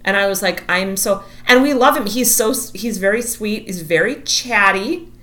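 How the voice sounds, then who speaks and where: A woman in her thirties tells a story in casual chat, her voice bright and forceful. She is animated, acts out every quoted line and says "like" a lot. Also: mid-range voice, normal speed.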